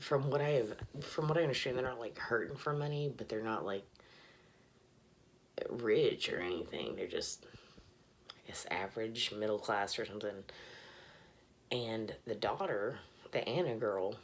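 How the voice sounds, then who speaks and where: A woman's voice: a bass voice, a little hiss or hum. A tipsy woman rambling casually and profanely in a bathroom, often dropping to a mutter. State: tipsy, slurring a little. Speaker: vlogger.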